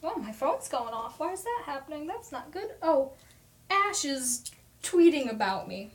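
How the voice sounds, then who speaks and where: A young woman from Oklahoma hosting a casual live stream at home, talking fast and rambling chattily. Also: sits high, very animated. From Oklahoma, USA. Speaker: livestream host. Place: at home at her desk.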